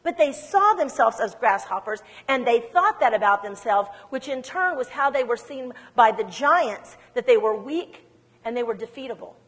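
A woman telling her testimony in a sermon, in an animated, emphatic storytelling manner. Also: a little high, moderate pace, husky, in a large hall. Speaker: speaker giving testimony.

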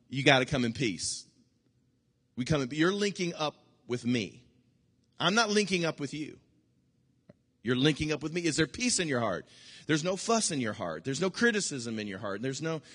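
A male pastor preaching a sermon, emphatic and repetitive, swinging between loud bursts and hushed asides. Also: a little high. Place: church sanctuary. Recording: long hall reverb.

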